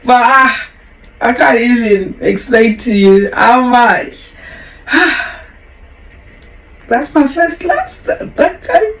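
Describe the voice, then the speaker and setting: Woman in her forties, podcast host, gravelly fry, candid rambling personal story time. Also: on the high side, expressive, extremely slow, pauses often, fairly bright tone, poor audio. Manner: candid, emotional, rambling with restarts.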